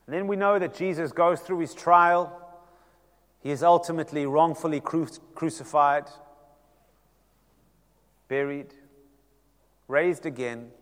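A man, preaching a sermon as pastor and telling the story dramatically, shifting between loud and hushed passages. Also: fairly high pitch, a little slow, long pauses, in a large hall.

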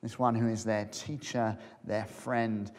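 A man preaching a sermon, retelling a story as if picturing it, dropping to a hush and then rising again. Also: on the low side, flat delivery, a little slow, big-room sound. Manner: storytelling, imagining scenes aloud, swinging from loud to hushed.

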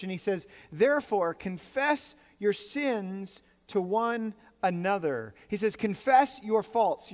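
A man preaching a sermon in a church, talking to the congregation in a conversational way with jokes and repeated words. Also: high-pitched. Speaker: pastor. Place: church sanctuary. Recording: reverberant hall.

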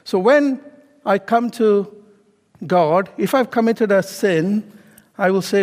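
A man's voice: sits high, slow pace, pauses often, a little mellow, big-room sound. A middle-aged man preaching a sermon in a conversational way, often asking the congregation questions and adding "okay?" and "you know". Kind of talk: sermon with personal story.

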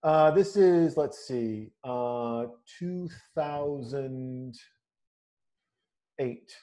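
An easygoing man recounts an old trip in casual chat, chuckling now and then. His voice sits at a middle pitch, relaxed and conversational. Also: extremely slow.

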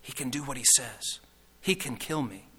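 A man voicing a sly male lizard who coaxes and wheedles softly. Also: medium pitch, normal speed, lightly acted. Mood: wheedling. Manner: soft, coaxing, persuasive. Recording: reverberant hall.

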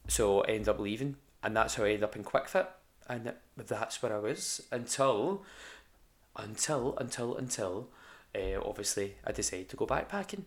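A man's voice: fairly low pitch, lively intonation, moderate pace. A young Scottish man telling rambling, sweary stories about his old jobs in a casual podcast chat, full of ums and restarts. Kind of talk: casual storytelling.

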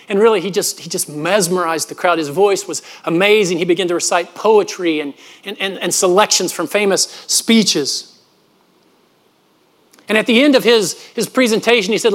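High-voiced preacher delivering a sermon. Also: male voice. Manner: earnest, storytelling preacher with frequent restarts. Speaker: pastor.

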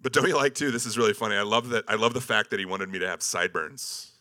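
A man's voice: on the low side, quick pace, pushed and bright. A man giving a casual, joking slideshow talk about an expedition, self-deprecating and full of ums and likes. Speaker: speaker presenting an expedition slideshow.

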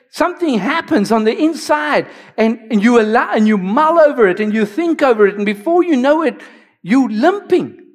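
A man's voice: extremely high pitch, lively intonation, moderate pace. A middle-aged male pastor preaching a personal, emotional sermon, often restarting his sentences.

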